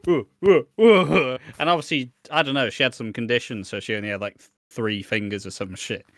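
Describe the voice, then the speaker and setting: A British man co-hosting a podcast, telling stories in a sweary, animated, casual way. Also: mid-range voice, dry recording, clean studio sound. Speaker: podcast co-host. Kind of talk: casual chat.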